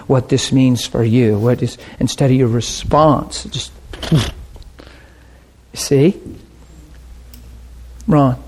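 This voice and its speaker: A man pastor giving an informal teaching talk, telling stories in an animated way and laughing often. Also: medium pitch, slow pace, pauses often, slight background noise.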